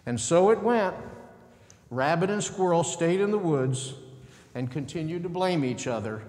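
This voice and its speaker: Male pastor, children's story, slightly high voice, long church reverb. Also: expressive, measured pace. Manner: gentle, asides to children. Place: church sanctuary. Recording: echoey church sanctuary.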